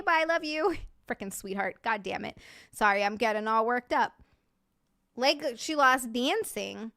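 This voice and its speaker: A woman's voice: fairly high pitch, sharp tone, clean tone, no echo, studio quality. A young adult woman streamer chatting casually and answering her live chat, reading out viewers' messages as she talks.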